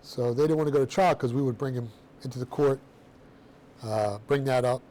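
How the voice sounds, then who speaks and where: A middle-aged man telling his own story to a room of students in a blunt, streetwise, animated way, with casual slang. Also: mid-range voice, a little fast. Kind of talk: personal storytelling talk to students.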